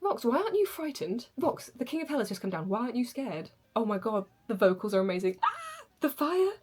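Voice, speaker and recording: A young woman reacting to a show on her channel, gasping and gushing excitedly. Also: a little high, quick pace, husky. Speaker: reaction video host. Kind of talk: casual reaction commentary.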